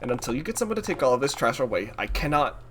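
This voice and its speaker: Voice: medium pitch, very animated, racing, fairly bright tone, faint music behind. A streamer voicing a grumpy male French tech repairman in a clumsy mock-French manner, reading a game aloud. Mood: haughty.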